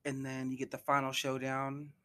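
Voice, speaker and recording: A man's voice: fairly even intonation, moderate pace, a bit bright. A man giving a casual, profane movie recap who acts out the characters' lines in bursts. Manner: loose and profane, acts out quotes with big pitch jumps. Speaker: movie reviewer.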